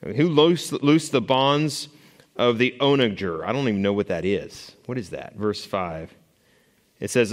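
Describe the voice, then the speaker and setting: Guy teaching a bible study in a big echoey hall, chatty, lots of ums and restarts, quizzes the class. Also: fairly low pitch. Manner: conversational, asks the class questions, many fillers and restarts. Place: classroom or church hall with a board. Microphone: stationary mic he moves away from while walking.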